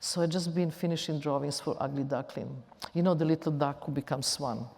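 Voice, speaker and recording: A woman's voice: low-pitched, fairly even intonation, a little fast, a little mellow. A woman with a Slavic accent speaking non-native English as an onstage interview guest, often repeating and restarting phrases. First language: Serbian. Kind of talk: onstage conversation. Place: large auditorium. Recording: long hall reverb.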